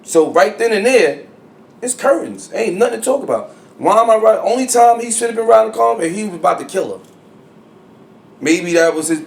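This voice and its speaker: A man co-hosting a podcast in casual chat, blunt and full of slang, getting loud and animated when he is worked up. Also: high voice, fairly quick, gravelly. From New Jersey. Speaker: podcast co-host. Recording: echoey room with faint ambient noise.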